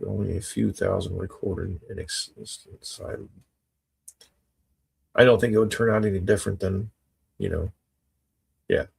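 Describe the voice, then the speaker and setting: A man's voice: fairly low pitch, gravelly, darkish tone, breathy edge. A man hosting a casual livestream, chatting with viewers in a laid-back, wry way. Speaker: livestream host reading chat. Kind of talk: casual chat.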